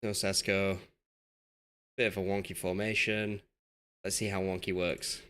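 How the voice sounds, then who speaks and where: A man's voice: sits low, level tone, measured pace, a bit bright, clear, resonant tone. A young man with a Yorkshire accent chatting casually with his live chat while playing a football management game, self-deprecating and talkative. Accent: Yorkshire English. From Yorkshire, England. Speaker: streamer. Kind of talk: casual live-stream commentary.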